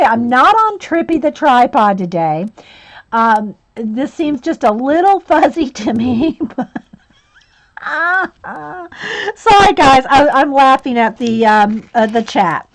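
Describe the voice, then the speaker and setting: Giggly, chatty woman teaching coloring. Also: high-pitched. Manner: chatty, giggly, with frequent fillers. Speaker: coloring channel host. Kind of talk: casual livestream tutorial.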